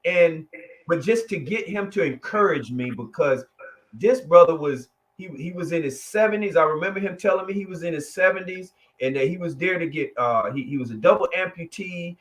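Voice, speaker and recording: Earnest man telling a halting testimony. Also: on the high side. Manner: halting, emotional storytelling with restarts. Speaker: guest sharing testimony. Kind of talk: conversational testimony.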